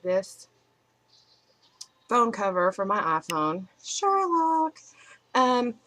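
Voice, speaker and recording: A young woman telling a story to camera in a chatty, animated way, acting out what people said. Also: mid-range voice, rough recording. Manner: animated, chatty, lots of "like" and quoted dialogue. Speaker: vlogger. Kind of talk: casual storytelling vlog.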